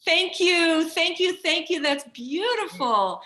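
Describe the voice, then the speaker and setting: A woman's voice: very high-pitched, lively intonation, takes it slowly, pushed and bright, reverberant. A woman hosting a casual group video call, cheerful and encouraging, calling on people by name. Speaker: call host.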